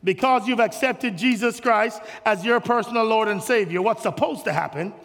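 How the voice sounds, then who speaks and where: A man preaching a sermon in a church, swelling to shouts and calling on his congregation. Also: sits high, normal speed, vocal fry, in a large hall. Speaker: pastor. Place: church sanctuary.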